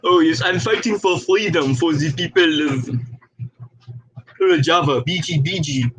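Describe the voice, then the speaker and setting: A man's voice: fairly high pitch, unhurried, a bit bright, a little hiss or hum, rough recording. A man putting on a pompous fake-French mocker. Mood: mocking. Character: mocking caricature of a pompous male volunteer, fake French.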